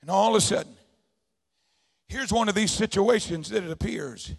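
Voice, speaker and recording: A man preaching a sermon, swinging between hushed, low storytelling and shouted, fervent declarations. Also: moderate pace, vocal fry, breathy edge.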